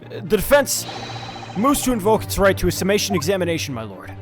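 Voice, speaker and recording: A man's voice: medium pitch, normal speed, music in the background, natural voice. A man voicing an earnest young male defense lawyer in a game, stumbling over words and then pressing on. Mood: determined. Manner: hesitant, stumbling then firm. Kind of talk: voicing game dialogue with friends.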